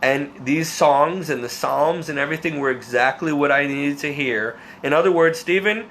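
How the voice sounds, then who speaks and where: A man with a somewhat high voice shares a personal faith testimony on his vlog, earnest and emotional. He rambles, repeats words and restarts sentences as he goes. A faint hiss sits under his voice. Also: moderate pace, a bit bright. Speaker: vlogger.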